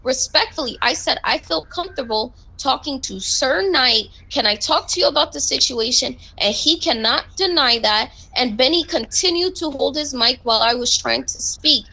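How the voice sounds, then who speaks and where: High, gravelly woman arguing heatedly. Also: expressive, pushed and bright, low-quality recording. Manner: heated, rapid complaining, confrontational. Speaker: roleplay police recruit. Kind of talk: in-character voice chat, arguing.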